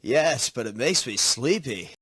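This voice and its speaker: Husky man in practice dialogue. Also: medium pitch, animated, unhurried, fairly bright tone, no room sound.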